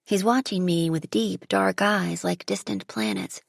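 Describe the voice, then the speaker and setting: A woman reads a first-person audiobook with vivid, dramatic storytelling. Her voice is husky with a gravelly edge. It is recorded dry and close on a studio mic. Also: fairly low pitch, sing-song, a little slow, no echo. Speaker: audiobook narrator.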